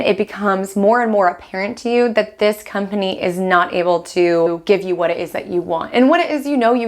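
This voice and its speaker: A woman hosts a weekly astrology forecast in a casual, animated monologue. She tells a story and slips into quoted inner thoughts. Her voice sits at a middle pitch.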